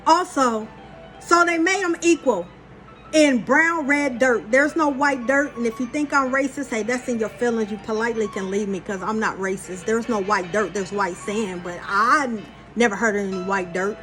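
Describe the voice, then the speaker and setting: A woman talking casually and bluntly to her viewers as a spiritual vlogger, animated and often profane. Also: fairly high pitch, normal speed, soft background music.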